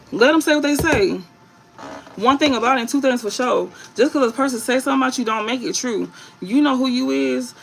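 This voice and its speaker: In this spiritual reading, a female tarot reader talks plainly to her audience, stressing and repeating her points and swearing without restraint. Her voice leans high and has vocal fry, heard through a rough recording.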